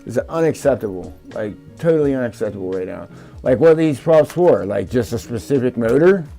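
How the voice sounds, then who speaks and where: A man's voice: mid-range voice, animated, fairly quick, vocal fry, warm tone, soft background music. A man vlogging about his drone hobby as he works, frustrated, swearing and muttering to himself. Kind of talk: casual talk while working.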